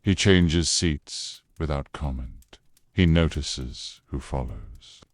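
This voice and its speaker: A man calmly narrating a scripted bedtime history story in a low, unhurried way. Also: no room sound, clean studio sound. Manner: low, calm, unhurried delivery.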